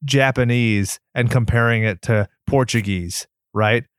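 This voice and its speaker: A man's voice: mid-range voice, measured pace, smooth, no room sound, clean studio sound. A man co-hosting a horror movie podcast, chatting casually in a playful, sarcastic way and swearing freely. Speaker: podcast co-host. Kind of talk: casual chat.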